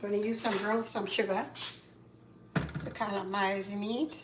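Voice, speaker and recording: A woman with a Caribbean accent hosting a casual cooking demonstration, chatty and repeating herself, getting loud and emphatic when she makes a point. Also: mid-range voice, flat delivery, normal speed, far from the mic, heavy background noise. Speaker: cooking show host. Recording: echoey kitchen, voice from off-mic. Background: faint clatter of pots and dishes.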